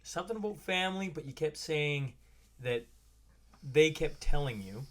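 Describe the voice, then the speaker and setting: A man's voice: fairly high pitch, expressive, moderate pace, a bit bright. A man hosting a podcast, asking questions in a loose, rambling way with lots of "like". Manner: rambling, fills with "like". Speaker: podcast host. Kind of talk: casual interview chat.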